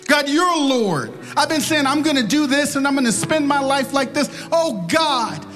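High-voiced male preacher in a hall. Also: lively intonation, moderate pace, fairly bright tone, faint music behind. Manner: impassioned, repetitive prayer cadence. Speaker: pastor. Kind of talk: sermon and altar-call prayer.

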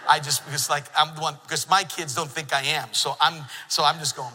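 A middle-aged man preaching a sermon in a church, an animated storyteller who jokes with the congregation. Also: a little high, moderate pace, in a large hall, slight background noise, rough recording. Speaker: pastor. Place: church sanctuary.

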